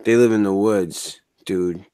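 A man's voice: deep voice, fairly even intonation, a little slow, dark tone, clean tone, dry recording, studio quality. A man co-hosting a podcast in casual banter, drawling and tacking "man" and "dude" onto his lines. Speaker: podcast co-host.

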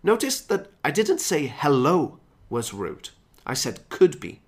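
A man hosting a podcast lesson for English learners, explaining phrases and slowing down to stress key ones. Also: a little high, sing-song. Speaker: English teacher and podcast host.

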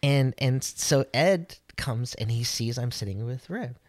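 Man podcast co-host, casual chat, lively storyteller who acts out the lines. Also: medium pitch, measured pace. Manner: animated storyteller, acts out quotes.

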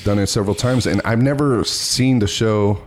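A man's voice: on the low side, moderate pace, slight background noise. A man hosting his own podcast, chatting in a laid-back way and laughing often. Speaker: podcast host. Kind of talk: casual podcast chat. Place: small home studio.

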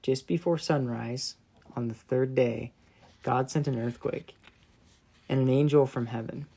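A man narrating a children's Bible story with gentle, dramatic storytelling that softens in solemn moments. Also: mid-range voice, steady tone, measured pace, creaky, breathy edge.

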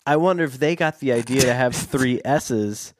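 A man's voice: mid-range voice, moderate pace, dry recording, clean studio sound. A man co-hosting a casual podcast, rambling and laughing often as he banters about a book chapter. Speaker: podcast co-host.

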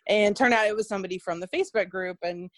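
Woman nurse telling a lively story. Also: mid-range voice, fast. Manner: animated, acts out quoted voices. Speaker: guest. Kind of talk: casual storytelling.

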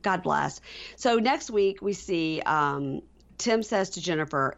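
Woman podcast co-host, low voice, dull lo-fi recording, gossipy and animated when she quotes people. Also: slow pace, vocal fry. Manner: acts out quotes with lively pitch jumps. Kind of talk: casual recap chat.

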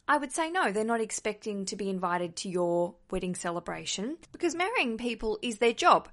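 Chatty Australian woman podcaster. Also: mid-range voice. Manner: chatty, joking, answers listener questions. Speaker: podcast host and stand-up comedian. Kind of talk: casual chat podcast.

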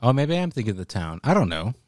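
Young male co-host, deadpan laid-back delivery, dry close recording. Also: medium pitch, quick pace, no room sound. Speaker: podcast co-host. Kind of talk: casual chat.

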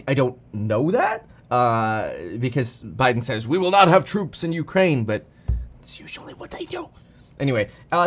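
A man giving casual, rambling news commentary, with restarts and chuckles. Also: medium pitch.

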